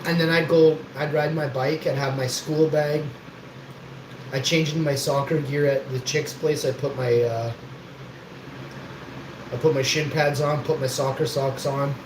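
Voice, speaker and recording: A boastful, foul-mouthed man rambles through a story, his voice sitting a little high. The room rings with echo, and a steady background noise runs underneath. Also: a little slow, long pauses. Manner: boastful, swears freely, rambling. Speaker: livestream host.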